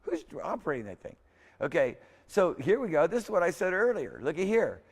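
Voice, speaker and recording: A man's voice: high voice, sing-song, a little fast, slightly rough. A man lecturing a class in an informal, rambling way, correcting himself as he goes and repeating words aloud for students. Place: lecture hall. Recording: hall reverb.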